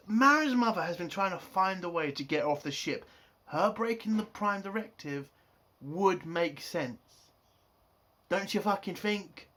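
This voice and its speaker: A man's voice: high voice, moderate pace, pushed and bright. A man giving a casual spoken review of a TV episode. He rants in an exasperated way and swears a lot.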